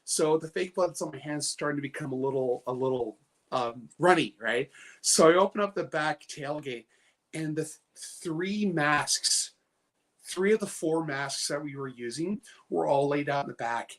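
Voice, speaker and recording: A man's voice: on the high side, lively intonation, moderate pace, fairly bright tone. A man from British Columbia, a guest on a show, telling a story in a rambling way with lots of fillers and laughs. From Canada, British Columbia. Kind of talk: casual anecdote telling.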